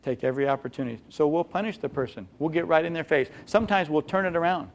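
A man's voice: a little high, fast talker. A man preaching a sermon in a conversational way, with rhetorical questions and acted-out examples.

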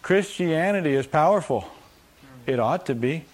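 Man, slightly high voice, lively sermon delivery, repeats key lines. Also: normal speed. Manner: animated, acts out scripture voices, repeats phrases for emphasis. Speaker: preacher.

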